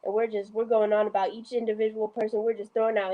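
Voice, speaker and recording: A young woman talks casually as a guest on a podcast, her voice dark and relaxed. She stumbles along with frequent ums and restarts, keeping it loose and conversational. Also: medium pitch, fast, few pauses, poor audio. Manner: chatty, many fillers and restarts. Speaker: guest, host's daughter. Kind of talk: casual chat.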